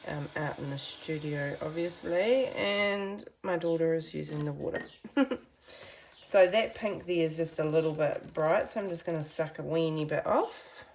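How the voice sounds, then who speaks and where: A woman's voice: sits low, measured pace, a little mellow. A woman giving a chatty, encouraging painting tutorial from her home art studio, talking to viewers as friends. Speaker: art teacher.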